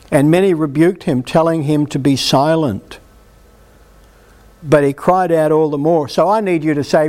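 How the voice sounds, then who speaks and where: A man preaching a sermon at a healing meeting, emphatic and animated as he exhorts the congregation. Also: a little high, normal speed.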